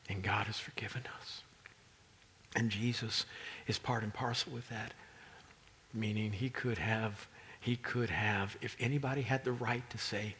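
A man's voice: lowish voice, steady tone, unhurried, long pauses, fairly bright tone, slight background noise. A male pastor preaching a sermon as a dramatic storyteller, often dropping into whispers for emphasis.

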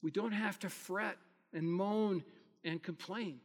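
Slowly and earnestly, a high-voiced pastor delivers his sermon. Key phrases swell to loudness while the stretches between them fall quiet, all carried on a long hall reverb.

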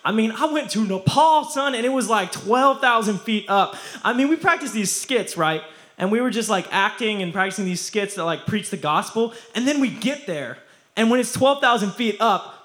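A man's voice: high voice, sharp tone. A young man preaching a casual youth sermon, slangy and playful, often laughing as he talks.

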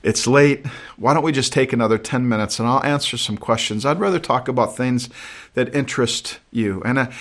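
Earnest male preacher telling a story. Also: mid-range voice. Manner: earnest storytelling, quiet pauses, repeats words. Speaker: pastor. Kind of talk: sermon.

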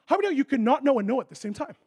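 A man preaching a sermon, telling a story with lively acted-out dialogue that swings from loud excitement to a hushed, intense tone. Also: very high voice, racing, slightly rough. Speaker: pastor.

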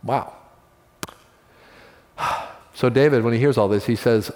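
A male pastor preaching a sermon in a relaxed, conversational storytelling manner with quick asides. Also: medium pitch, long reverb tail.

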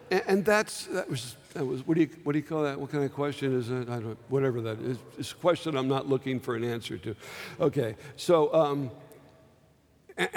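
A male pastor preaching a sermon, slowing down for dramatic emphasis and acting out heartfelt quoted pleas. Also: on the high side, in a large hall.

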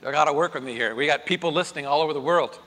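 A man preaching in a church, his high, bright voice ringing through a large reverberant room. He swings from soft, conversational reflection to loud, driving emphasis on key lines. The tone is earnest and rousing. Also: rapid-fire. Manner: builds from quiet reflection to shouted emphasis. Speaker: pastor. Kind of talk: sermon. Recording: long hall reverb.

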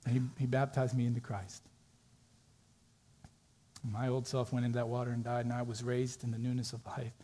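A man preaching a sermon in a dark, mellow voice with a husky edge. He tells a story in a conversational way, slipping into the voices of its characters as he goes. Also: medium pitch, level tone, moderate pace, pauses often.

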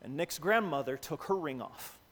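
Pastor, male, high voice, animated sermon storyteller, reverberant church hall. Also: moderate pace. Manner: animated, acts out quoted voices.

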